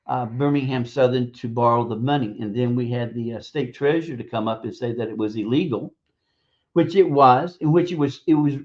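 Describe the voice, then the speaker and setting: A man giving blunt, profane, scornful opinion commentary on a radio stream, halting and hesitant between points. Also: mid-range voice. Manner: hesitant, halting delivery with drawn-out pauses. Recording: dull lo-fi stream audio.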